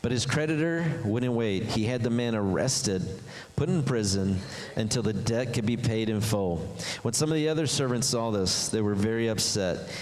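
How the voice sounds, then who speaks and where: A man preaching a sermon as pastor, animated, jumping his pitch up high to act out voices. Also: moderate pace. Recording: long hall reverb.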